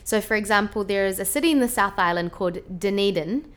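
A woman's voice: mid-range voice, animated, a little fast. A woman from New Zealand with a New Zealand accent, a guest chatting casually in an interview and laughing often.

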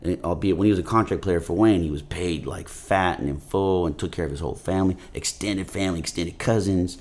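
A man talking as an actor guest in a casual interview, rambling with many "you know" fillers and animated storytelling. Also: deep voice, fairly quick. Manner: animated storytelling, voices his grandfather.

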